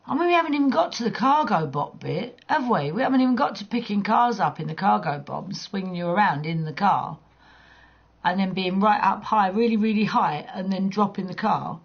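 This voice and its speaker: A woman chats and teases her viewers while gaming, blunt and quick to swear. Her voice is husky and breathy, with a gravelly edge. The sound is dull and lo-fi, like a cheap stream mic. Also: mid-range voice. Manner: blunt, teasing, swears freely, laughs often. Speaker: livestreamer. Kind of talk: casual chat while gaming.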